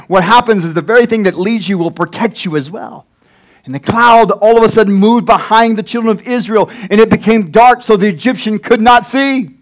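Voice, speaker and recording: A pastor reading scripture and preaching a sermon, emphatic and acting out the people in the story. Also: male voice, high-pitched, animated, moderate pace. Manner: acts out characters in quotes, emphatic.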